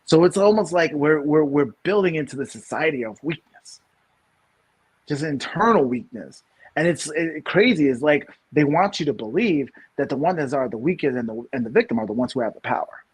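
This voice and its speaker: A man in his thirties from New York co-hosts a casual podcast. His voice is a bit husky and sits a little high, and he rambles through repeated restarts before pushing out his main points. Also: expressive, fairly quick. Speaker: podcast co-host. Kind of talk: casual opinion chat.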